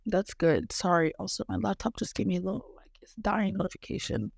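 A young woman co-hosting a casual chat podcast, talking in a chatty, animated way with quick asides. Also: mid-range voice, gravelly, breathy edge, no room sound, clean studio sound. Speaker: podcast co-host.

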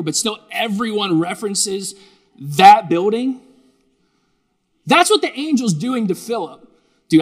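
A man preaching a sermon to a live congregation in a lively, joking, conversational way. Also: high voice. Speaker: pastor.

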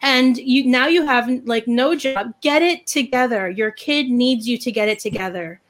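A woman chatting casually as a podcast host, ranting in an animated, opinionated way. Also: on the high side, normal speed. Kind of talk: casual chat.

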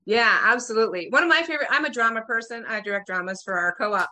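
A female host talks with a bright, forceful tone. She is lively and chatty and laughs easily. This is casual interview talk. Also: on the high side, fast talker. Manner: enthusiastic and chatty, with frequent laughs. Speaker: podcast host.

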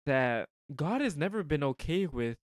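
A man co-hosting a casual faith discussion who speaks in a thoughtful, halting, earnest way. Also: a little high, big pitch swings, smooth, no echo. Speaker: podcast co-host.

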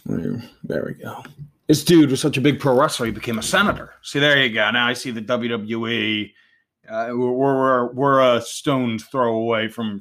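A man hosting a show, casually talking himself through a game, swinging between loud outbursts and quiet muttering. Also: mid-range voice. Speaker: podcast host. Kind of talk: casual live commentary while playing a game.

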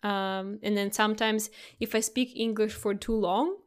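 A woman from Russia, whose first language is Russian, talks in a smooth, resonant voice. Her pitch sits in the middle of the range. She chats casually and reflectively, often restarting a thought partway through. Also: fairly even intonation, normal speed. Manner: chatty and reflective, with frequent restarts. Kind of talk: casual chat.

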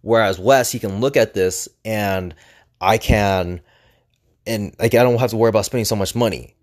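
Young male vlogger, low-ish voice, loose rambling storyteller, heavy on fillers. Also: moderate pace. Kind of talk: casual storytelling.

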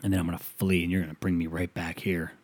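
Profane, ranting man, mellow low voice. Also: little pitch movement, fast. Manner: profane, rambling rant; switches between mumbled asides and loud outbursts. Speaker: podcast host. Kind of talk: casual comedic monologue.

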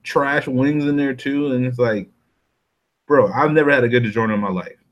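A man co-hosting a laid-back podcast. He talks with lots of energy, swears freely and slips into quick acted-out quotes as he riffs. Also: medium pitch, lo-fi sound. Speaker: podcast co-host. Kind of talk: casual chat.

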